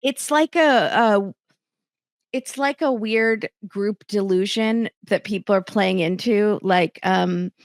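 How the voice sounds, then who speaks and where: A woman hosting a casual chat podcast, retelling scenes and acting out the quotes with lively, higher voices. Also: slow pace, dry recording, clean studio sound. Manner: animated, acts out quotes in bright higher voices. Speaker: podcast host.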